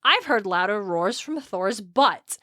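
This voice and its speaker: A woman voicing a brash young woman warrior who trades taunts quickly and teasingly. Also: mid-range voice, lively intonation, bright, forceful tone, no room sound, clean studio sound. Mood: taunting.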